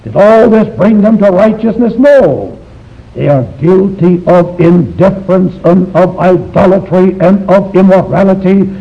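A man's voice: high voice, measured pace, gravelly. A man teaching a Bible study to a live class, emphatic and full of rhetorical questions. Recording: dull lo-fi recording.

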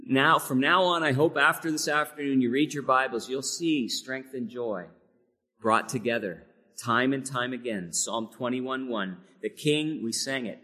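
A man's voice: mid-range voice, unhurried, bright, forceful tone. A man preaching a sermon, earnest and building to emphatic peaks on key phrases. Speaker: pastor. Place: church sanctuary. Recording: long hall reverb.

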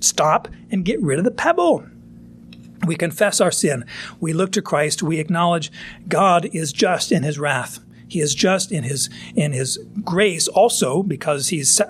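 Earnest preaching man, slightly high voice. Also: a little hiss or hum. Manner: earnest, plain-spoken, acts out quoted voices. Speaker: pastor. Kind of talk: sermon.

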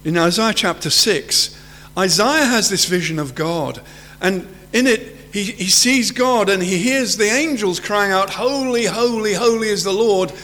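A man preaching a sermon with earnest conviction, at times lifting his voice high to act out a frightened figure. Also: animated, measured pace, pushed and bright. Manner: earnest, rises high to act out quoted fear. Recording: long hall reverb.

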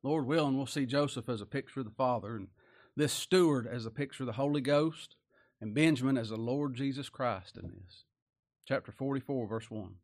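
A man preaching a Bible sermon in a folksy way. He reads scripture aloud and swings between loud stresses and quiet asides. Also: mid-range voice, brisk.

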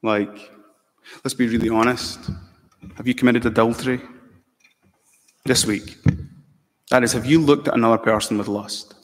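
A man's voice: mid-range voice, fairly even intonation, normal speed, long pauses. A man preaching a sermon as pastor, earnest, asking the congregation pointed rhetorical questions. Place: church. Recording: long church reverb.

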